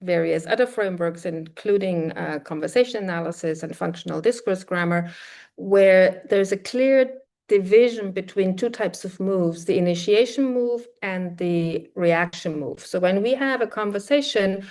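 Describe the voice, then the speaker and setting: A woman's voice: mid-range voice, moderate pace, a little mellow. A woman giving an academic linguistics lecture, explaining step by step with frequent fillers and self-corrections, now and then acting out short example exchanges. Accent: German-speaking European. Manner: acts out short quoted exchanges.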